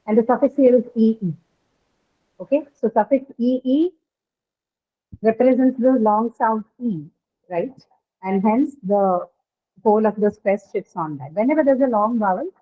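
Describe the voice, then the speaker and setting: A woman teaching stress patterns in an online class, checking with "right?" as she explains. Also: medium pitch. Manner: explanatory, asks "right?" often. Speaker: English teacher. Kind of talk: online phonetics lesson. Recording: tinny online call audio.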